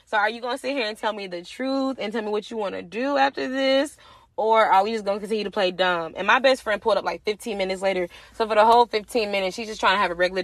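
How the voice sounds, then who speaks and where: A young woman hosting a podcast, telling a personal story in casual, profane, animated talk and acting out the other people's lines. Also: fairly high pitch, no room sound. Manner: animated, profane, acts out quoted voices. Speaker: podcast host.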